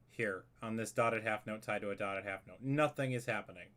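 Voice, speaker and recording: A man's voice: fairly low pitch, fairly quick, a bit bright. A man explaining a music arrangement in a casual tutorial, rambling and correcting himself as he thinks aloud while editing a score. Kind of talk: casual screen-share tutorial.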